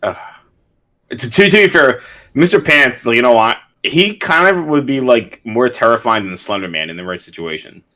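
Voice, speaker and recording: A man's voice: mid-range voice, lively intonation, normal speed, pushed and bright. A young man co-hosting a podcast, talking in a laid-back, rambling way full of fillers and giggles. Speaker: podcast co-host. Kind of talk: casual chat.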